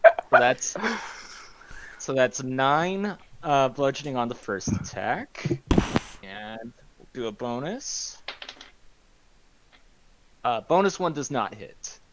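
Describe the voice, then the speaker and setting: A man of middle pitch playing in a tabletop game, jokey and quick to laugh. Faint background noise and clicks sit behind his voice. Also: animated, rough recording. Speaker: player. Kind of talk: casual game talk.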